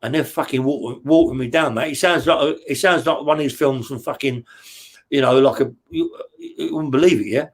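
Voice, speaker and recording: A man, at a middling pitch for a man, recounts his story in blunt, swearing-laden bursts. He rambles through restarts and punchy sound words, tagging nearly every phrase with a questioning "yeah?". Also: brisk, breathy edge. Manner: blunt and profane, tags lines with "yeah?". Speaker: interview guest. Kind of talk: casual true-crime storytelling.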